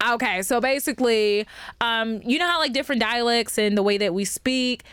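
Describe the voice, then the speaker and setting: A young woman with an East Texas accent co-hosting a podcast, casual, teasing and quick to laugh. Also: fairly high pitch, a bit bright, clear, resonant tone, no room sound, studio quality. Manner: playful, teasing, laughs often. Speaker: podcast co-host. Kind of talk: casual chat.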